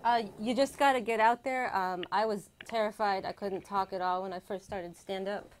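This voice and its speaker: A woman's voice: medium pitch, steady tone, normal speed, slight background noise, rough recording. A woman co-hosting a live comedy call-in show, talking in a friendly, encouraging way. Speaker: co-host comedian.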